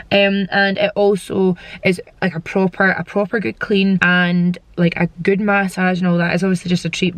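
A woman's voice: medium pitch, no room sound. A young woman, chatting to a handheld camera in a gushing, bubbly vlog. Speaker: vlogger. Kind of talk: casual vlog chat to camera.

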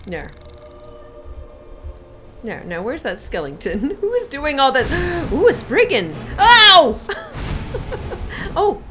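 High, lively, laughing woman streamer. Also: takes it slowly, long pauses, soft background music. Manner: playful, exclamatory, laughing. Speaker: gaming streamer. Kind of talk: live game commentary.

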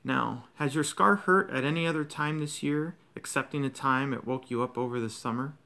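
A man reading aloud, voicing a calm, wise old male headmaster in a soft, slow, measured way. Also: medium pitch. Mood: grave.

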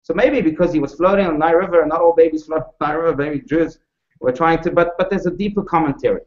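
A male rabbi teaches a class with expressive storytelling, his voice rising and falling in pitch and loudness. He speaks a little higher than most men and often turns questions to his listeners. The sound is dull and lo-fi, and the room echoes. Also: fast talker. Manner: asks the audience questions. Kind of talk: storytelling lecture to a live audience.

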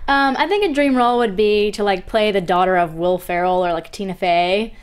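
A woman in her twenties from Georgia with a softened Southern accent, chatting as a guest in a studio interview, giggly and bubbly. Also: mid-range voice, a little fast, smooth. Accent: Southern US, toned down. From Georgia, USA. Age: 20s. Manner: giggly, bubbly, laughs often. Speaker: actress, guest. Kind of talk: casual interview chat.

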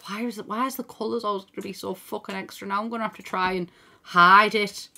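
A fast-talking woman with a creaky, pushed, bright medium-pitched voice and fairly even intonation plays and chats on stream. Using a desk microphone at her home setup, she reasons out loud, reads chat, and drops the odd swear word.

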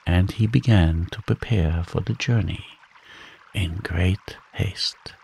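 A man narrating a fairy tale as a calm, slow, soothing bedtime story reading. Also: low voice, vocal fry, slight background noise, low-quality recording.

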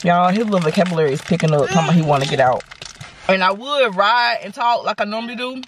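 A woman, telling a story to her viewers in a casual, animated, sassy way from inside a car. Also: medium pitch, fast. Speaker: vlogger. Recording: car noise behind the voice. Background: car and road noise.

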